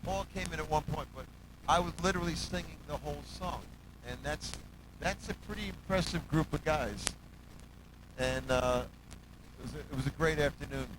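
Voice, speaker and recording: In a loose, storytelling interview, a male musical director slips into different voices for the people he quotes, hums bass lines and counts beats with animated energy. Clear background noise runs through the recording.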